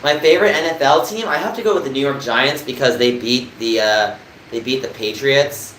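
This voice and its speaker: A man's voice: medium pitch, normal speed, a bit bright, roomy sound, a little hiss or hum, poor audio. A young man from New Jersey chatting casually on a live stream, rambling and answering viewers' comments. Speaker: livestreamer.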